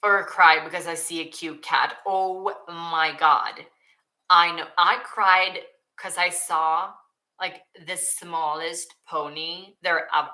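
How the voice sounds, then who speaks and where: A young woman with a Swedish accent chats through viewer questions at an unhurried pace. Her voice sits a little low but sounds bright and forward, and she talks with lots of fillers and giggles, openly emotional. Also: steady tone, poor audio. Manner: emotional, giggly, many likes and ums. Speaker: YouTuber answering viewer questions. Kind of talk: casual Q&A chat.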